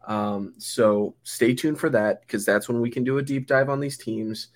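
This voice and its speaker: This young co-host of a football podcast has a mid-range voice and talks at a moderate pace. His sports chat is loose and rambling, full of fillers and false starts.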